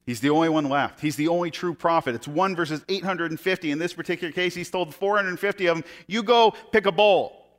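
Guy preaching a sermon, kinda high voice, jokey and sarcastic, acts out the quotes. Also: fast talker, hardly any pauses. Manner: animated storytelling with sarcastic asides and laughs; acts out quoted speech in higher and lower voices. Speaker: pastor.

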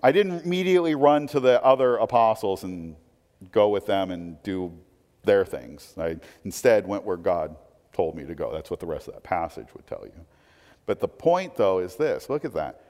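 A man preaching a sermon in a casual, conversational way, often checking in with listeners with quick asides. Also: low voice, expressive, darkish tone. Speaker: pastor. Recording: long hall reverb.

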